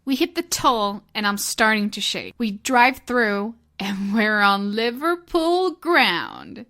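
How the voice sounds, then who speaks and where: A young woman narrating an animated story vlog in an excitable, giggly, gushing way. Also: mid-range voice, slow pace.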